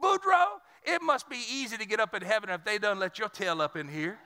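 A man voicing a sharp-tongued wife who teases her husband, heard with long reverb. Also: high voice, lively intonation, fairly quick, exaggerated voice. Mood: teasing. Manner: needling, scolding.

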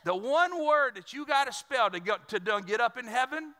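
A man's voice: very high voice, lively intonation, normal speed, sharp tone, heavily acted. A man voicing a folksy, nervous Cajun man in a church joke, heard with long reverb.

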